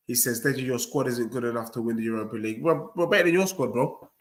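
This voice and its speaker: A man's voice: mid-range voice, fast. A young man hosting a football watchalong, trash-talking and answering his chat. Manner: cocky, trash-talking, addresses chat directly. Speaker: host of a football watchalong stream. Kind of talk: live stream banter reading chat.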